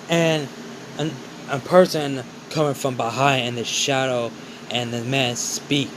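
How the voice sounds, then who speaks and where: A man's voice: medium pitch, steady tone, unhurried, a little hiss or hum, poor audio. A man casually narrating an improvised fan story in a loose, rambling way.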